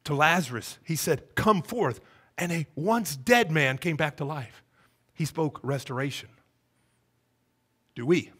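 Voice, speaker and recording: A man's voice: mid-range voice, husky. A man in his thirties preaching a sermon in a church, telling stories with energy and acting out the voices in them. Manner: animated storytelling, acts out voices. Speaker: pastor. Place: church sanctuary.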